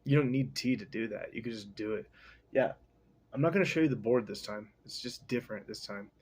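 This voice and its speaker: A man hosting a podcast, casually recapping and reading a novel with slangy, rambling, deadpan asides. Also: lowish voice, fairly quick, slightly rough.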